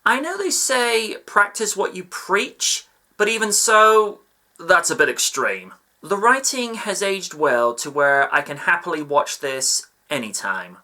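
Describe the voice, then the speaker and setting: Man, film reviewer, scripted narration, bright voice, measured admiring tone. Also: high voice, big pitch swings.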